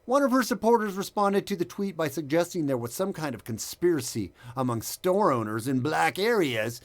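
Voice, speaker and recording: Animated sarcastic male podcast host. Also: fairly high pitch, moderate pace. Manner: sarcastic, reads quotes aloud, stumbles over words. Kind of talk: casual commentary.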